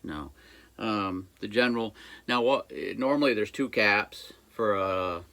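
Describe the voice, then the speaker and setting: A man's voice: lowish voice, a little slow, bright, forceful tone. A man who runs a small engine repair shop, giving a casual, rambling how-to with jokey asides while he works at his bench. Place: workshop by a busy road.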